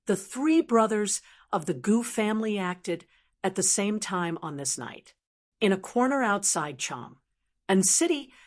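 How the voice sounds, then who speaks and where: A woman narrating a martial arts novel audiobook in a steady, even storytelling manner. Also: mid-range voice. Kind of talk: scripted narration.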